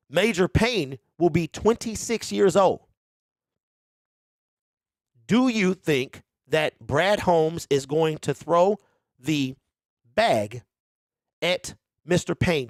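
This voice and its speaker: Animated Detroit man hosting a fan stream. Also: high voice, no echo, studio quality. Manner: animated, hypes up viewers, keeps checking in with "okay?". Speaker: sports show host. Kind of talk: casual fan commentary livestream.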